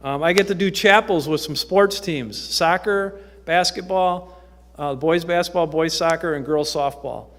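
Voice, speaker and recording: A youth ministry worker gives an informal testimony from the pulpit of a church sanctuary, telling stories chattily with frequent ums. His voice is fairly high and a bit bright, his pace a little slow, and the hall echoes.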